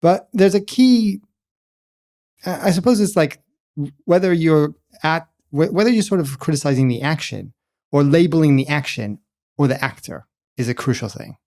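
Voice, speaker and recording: A man's voice: on the high side, normal speed, darkish tone. A man who is a journalist, a guest on a podcast, thinking aloud and hedging as he explains. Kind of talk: casual interview answer.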